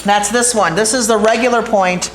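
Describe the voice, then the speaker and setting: A woman teaching a glass jewelry craft, chatty and excitable, talking straight to her viewers as she works. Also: mid-range voice, moderate pace, a little hiss or hum. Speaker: glass art instructor. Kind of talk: hands-on craft demonstration.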